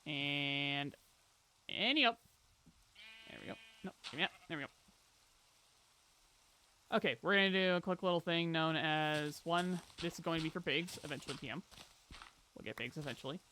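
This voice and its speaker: A live streamer chats playfully and casually while playing a game, addressing viewers and a pet and now and then bursting into loud exclamations. The voice is medium-pitched at a moderate pace with long pauses, over slight background noise.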